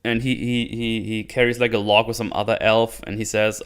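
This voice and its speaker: A man's voice: lowish voice, little pitch movement, a little fast, hardly any pauses, clear, resonant tone. A man giving casual spoken commentary as a reviewer, sarcastic and rambling, often breaking into laughter. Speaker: video reviewer.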